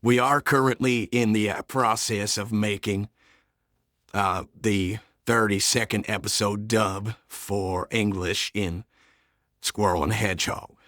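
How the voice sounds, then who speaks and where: Low-voiced man giving a channel update. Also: steady tone, slow pace, fairly bright tone, dry recording, studio quality. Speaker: dub team organizer.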